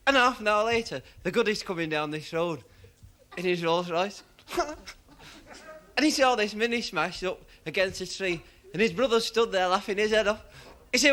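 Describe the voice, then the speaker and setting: A man's voice: sits high, moderate pace, a bit bright. A man telling stand-up jokes, often laughing at his own punchlines. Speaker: stand-up comedian. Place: comedy stage.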